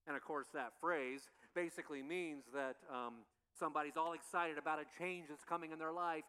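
A man's voice: on the high side, steady tone, normal speed, bright, forceful tone, clear, resonant tone. A male pastor preaching a sermon in a conversational way, often repeating rhetorical questions to the congregation. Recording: long reverb of a large hall.

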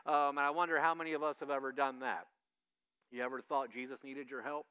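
Bright, clear-voiced man preaching. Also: mid-range voice, fairly even intonation, fairly quick. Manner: conversational, questions the congregation directly; acts out quoted speakers with loud shouts. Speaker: pastor. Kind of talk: sermon.

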